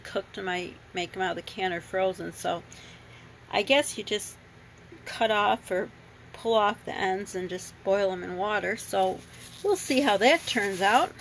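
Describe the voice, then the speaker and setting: A woman who grew up in another country chats casually about her fruit and vegetable haul at home, rambling and correcting herself with lots of ums. Her medium-pitched voice is fairly bright, captured in a low-quality recording with a little hiss or hum.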